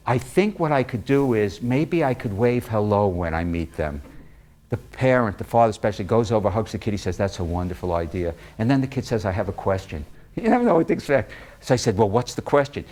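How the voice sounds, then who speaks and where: A man giving a public talk to a live audience in a room, telling stories with joking asides and acting out the quoted dialogue. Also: medium pitch.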